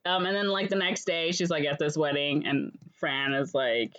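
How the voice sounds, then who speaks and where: A young woman co-hosting a podcast, casually recapping a movie with lots of fillers and quick acted-out lines. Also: deep voice, steady tone, a bit bright. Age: young adult. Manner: rambling, acts out characters' lines in quick voices. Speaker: podcast co-host.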